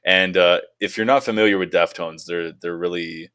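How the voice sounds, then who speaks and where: A man's voice: low-pitched, steady tone, moderate pace, sharp tone, clear, resonant tone. A young man hosting a casual gaming podcast, loose and profane, laughing a lot and reading game blurbs aloud. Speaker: podcast host.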